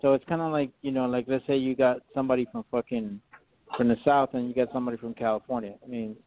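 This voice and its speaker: A man's voice: medium pitch, little pitch movement, fast, a little hiss or hum. A man chatting casually on a podcast, swearing freely and telling stories in a laid-back way. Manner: profane, laid-back storytelling. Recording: tinny phone-like audio.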